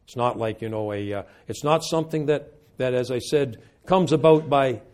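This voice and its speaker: An older man preaching a sermon and leading a closing prayer, unhurried and folksy, with slow, emphatic phrases. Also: mid-range voice, a little mellow.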